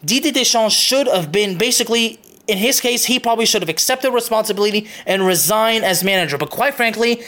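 A man's voice: sits high, animated, a little fast, few pauses, bright, forceful tone. A young man hosting his own soccer show, delivering an impassioned opinion monologue, emphatic and repetitive, stopping for "okay?" and swearing.

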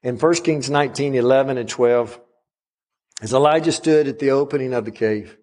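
Impassioned middle-aged male preacher. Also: normal speed. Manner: rises in pitch and volume on emphatic runs, drops soft on quiet points. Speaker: guest pastor. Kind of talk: sermon.

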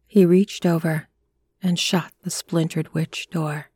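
Woman storyteller, low-ish voice, unhurried hushed read, dry close sound. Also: flat delivery, breathy edge, no echo. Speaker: audiobook narrator. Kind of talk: scripted story narration.

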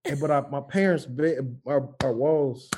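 A man's voice: mid-range voice, measured pace, noisy background. A man telling crude childhood stories in casual chat, acting out the voices of people he quotes. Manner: profane, animated storyteller acting out quotes. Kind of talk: casual podcast chat, storytelling.

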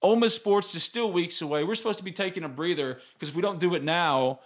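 A man's voice: high-pitched, fast. A man, hosting a casual sports podcast and telling stories in a candid, rambling way. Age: 30s. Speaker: podcast host.

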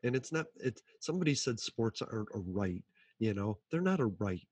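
Husky, animated man chatting about sports. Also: lowish voice, normal speed, no room sound. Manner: animated, swears freely, acts out quotes. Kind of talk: casual chat.

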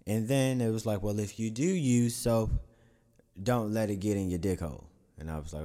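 In a lowish, dark-toned voice at a normal speed, a man shares a frank and crude confession with his audience. His telling wanders through self-corrections, and he laughs at his own expense.

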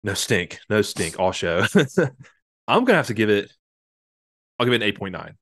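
Low-voiced rambling podcast host. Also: male voice, big pitch swings, moderate pace, a bit bright, slightly rough, no room sound. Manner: joking, rambling, tipsy banter with fillers. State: slightly drunk. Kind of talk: casual chat.

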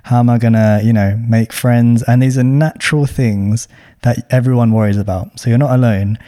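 Casting: young man, mellow tone, chatty podcast host, full of slang. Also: medium pitch, fairly even intonation, normal speed. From London. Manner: chatty, with lots of slang and fillers. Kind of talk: casual advice chat.

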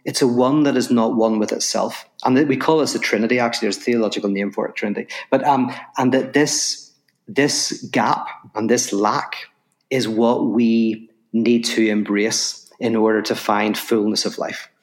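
A man who is a philosopher and guest on a podcast interview, telling a story and explaining ideas in quick, animated bursts with frequent "right?" asides. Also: mid-range voice.

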